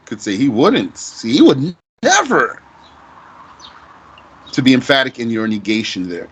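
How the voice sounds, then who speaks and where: A man teaching Arabic grammar, explaining deliberately and asking himself rhetorical questions. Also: medium pitch, a bit bright. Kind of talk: recorded grammar lesson.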